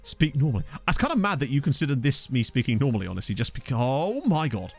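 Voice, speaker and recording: A man streaming a football management game, chatting fast with his viewers, laughing often and getting excited at the action. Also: mid-range voice, slightly rough, soft background music. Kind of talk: casual live-stream commentary with chat. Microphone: desk microphone.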